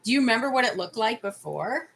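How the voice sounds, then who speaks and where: Bright-voiced Canadian woman chatting on a livestream. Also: a little high, lively intonation, fast, vocal fry, slightly rough. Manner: chatty, laughing, talks to viewers and her dog. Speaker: livestream host. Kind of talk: casual livestream chat.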